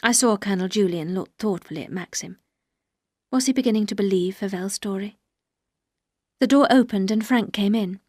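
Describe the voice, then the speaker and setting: Woman narrator, clear even reading, dry close studio sound, audiobook. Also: mid-range voice, normal speed, no room sound. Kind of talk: scripted audiobook narration for learners.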